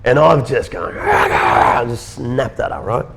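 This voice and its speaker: An Australian man in his thirties, an interview guest telling a personal story in an earnest, halting way, often repeating words. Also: medium pitch, wildly swooping pitch, creaky, background noise.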